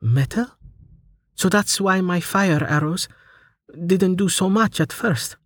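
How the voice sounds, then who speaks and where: A man voicing a sharp, quick-thinking young woman healer in an audiobook, speaking quickly and eagerly. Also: high-pitched, dry recording, clean studio sound, pitched above the performer's own voice, full character voice.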